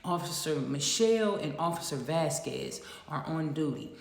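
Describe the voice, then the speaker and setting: Profane, animated woman. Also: deep voice, moderate pace, vocal fry. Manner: profane, animated, laughing storyteller. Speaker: storyteller. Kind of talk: casual storytelling to camera. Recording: echoey roomy sound with long reverb.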